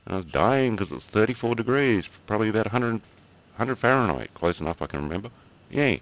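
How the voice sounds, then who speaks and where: An Australian man co-hosts a podcast, chatting casually, rambling through stories and chuckling between them. His voice is lowish and expressive, and he talks fast.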